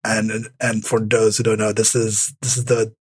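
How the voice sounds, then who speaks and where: A man with a husky, slightly breathy voice chats about tech on a podcast, circling back over his words with lots of fillers and restarts. The sound is dry and close to the mic, with no room around it. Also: fairly low pitch, level tone, normal speed, no room sound. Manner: rambling, many restarts and fillers. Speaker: podcast co-host. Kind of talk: casual tech podcast chat.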